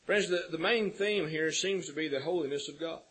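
Male preacher, husky, higher voice, sermon delivery with rising emphasis. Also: fairly quick, a bit bright, low-quality recording. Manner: preaching with rhetorical questions and swelling emphasis. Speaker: pastor.

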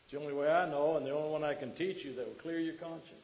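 A man's voice: on the high side, fairly even intonation, rapid-fire, darkish tone, highs cut off. A man preaching a sermon to a congregation, quoting scripture and putting questions to the listeners.

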